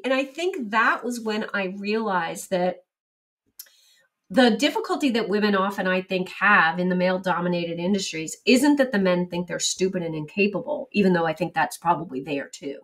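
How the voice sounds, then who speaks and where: A middle-aged woman speaking as an interview guest, telling lively stories and acting out quoted exchanges. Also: mid-range voice, far from the mic. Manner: animated storyteller, acts out quoted exchanges. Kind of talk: casual interview storytelling.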